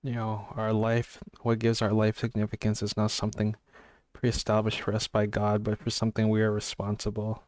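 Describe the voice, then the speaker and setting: Young guy reading a book blurb out loud, low flat monotone, dry room, offhand and jokey, trips over words. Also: normal speed, no room sound. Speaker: book vlogger. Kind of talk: casual reading vlog, reading blurbs aloud.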